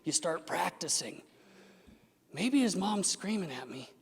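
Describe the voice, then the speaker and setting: A fairly high-voiced man gives a symposium talk as a therapist in a large event hall. He speaks animatedly and acts out the voices he quotes. A long hall reverb trails after his words. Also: sing-song, measured pace, gravelly. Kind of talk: symposium presentation.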